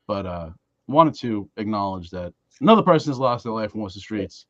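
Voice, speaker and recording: A man hosting a local podcast, talking in a rambling, halting way with many fillers and restarts. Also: lowish voice, lively intonation, a bit bright, no room sound. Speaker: podcast host. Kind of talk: casual podcast chat. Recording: dry, dull lo-fi sound.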